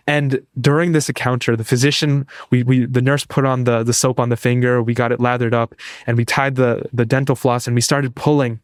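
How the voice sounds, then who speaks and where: A man's voice: medium pitch, steady tone, brisk, few pauses, dry recording, clean studio sound. A young man, a pre-med student, telling an earnest story as a podcast guest. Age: young adult. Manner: earnest, eager, restarts phrases. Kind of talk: casual interview storytelling.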